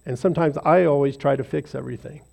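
A man gives an informal devotional to a small gathering. His voice sits a little high but sounds mellow and soft-edged, with plenty of gravelly fry. He rambles in a relaxed, conversational way and often pokes fun at himself. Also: fast. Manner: rambling, self-deprecating, conversational. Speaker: lay speaker leading a devotional.

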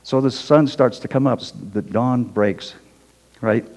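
A man's voice: mid-range voice, a little slow, a little mellow. Conversational preacher man in a reverberant hall. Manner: conversational, tags lines with "okay?". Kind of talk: sermon.

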